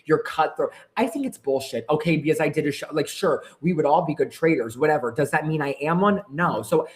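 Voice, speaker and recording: A man's voice: fairly high pitch, fairly quick. Brash, swearing man. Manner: profane, brash, dramatic. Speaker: podcast guest. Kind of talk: casual chat.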